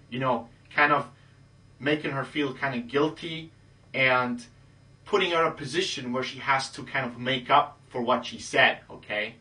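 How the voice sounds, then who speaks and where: A man coaching listeners on dating in a confident, matter-of-fact monologue, ending almost every point with a low "okay?". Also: moderate pace, pushed and bright, distant mic. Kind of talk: instructional monologue.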